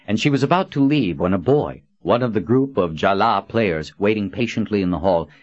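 A man narrating an audiobook in a measured storytelling manner. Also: on the low side, dry recording, lo-fi sound. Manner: measured storytelling with expressive character voices.

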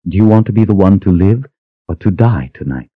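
A cruel sorceress, as a male narrator puts her on, speaks in an icy, measured, mocking way. Her voice sits low, and the recording is dry and a little dull. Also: expressive, breathy edge, no room sound. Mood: cold menace. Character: cold cruel woman sorceress, calm menace.

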